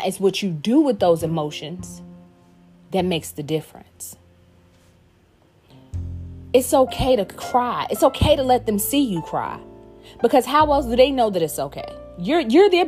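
A woman's voice: mid-range voice, darkish tone. Woman, candid mother's talk, emphatic, profane, faint music behind. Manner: frank and profane, emphatic repetition. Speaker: parent talking to viewers. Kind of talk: candid personal talk to camera.

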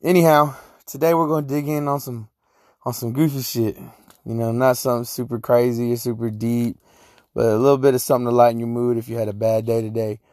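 A young man riffing alone on his podcast, loose, slangy and profane, wandering from one thought to the next. His voice sits in an ordinary middle pitch for a man. The sound is close and dry, with no room echo. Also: steady tone, brisk, darkish tone. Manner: profane, joking, slangy and rambling. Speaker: podcast host. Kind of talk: casual solo podcast monologue.

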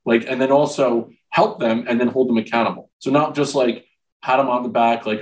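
A man's voice: mid-range voice, steady tone, brisk, slight background noise, rough recording. A man in his forties, a podcast guest, talking frankly and earnestly about men's struggles, with casual swearing. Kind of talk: candid conversational interview.

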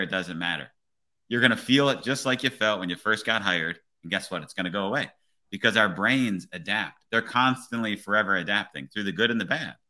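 A police officer hosting a podcast, talking in an earnest, motivational way and often checking in with "right?". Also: male voice, on the low side, sharp tone. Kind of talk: casual podcast conversation.

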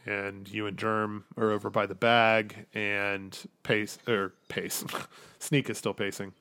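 A man's voice: lowish voice, flat delivery, slow pace, pushed and bright, clear, resonant tone. A young man as game master, narrating a tabletop game in a casual, rambling way full of fillers. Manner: casual, filler-heavy, describes scenes.

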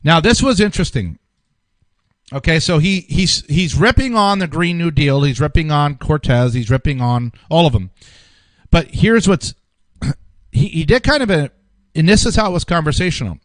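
A man's voice: on the high side, expressive, normal speed, no echo. A man hosting a casual political commentary show, rambling through an article with frequent restarts and repeated words.

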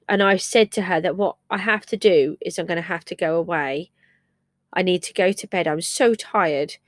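A woman's voice: fairly low pitch, no echo, studio quality. A middle-aged woman hosting a personal podcast, telling a story about her family in a candid, emotional, reflective way. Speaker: podcast host and parent.

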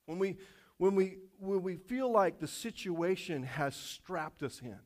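A man preaching in a church sanctuary, his voice pitched high for a man and swinging between rising intensity and quiet lows. He repeats phrases for emphasis and slips in wry asides to the congregation. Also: unhurried. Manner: animated, repetitive, with self-aware jokes. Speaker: pastor. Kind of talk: sermon.

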